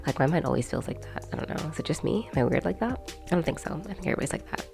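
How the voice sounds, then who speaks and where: Low gravelly-voiced woman chatting. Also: expressive, racing, darkish tone, faint music behind. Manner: rambling and chatty, many fillers and asides. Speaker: video host. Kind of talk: casual chat to camera.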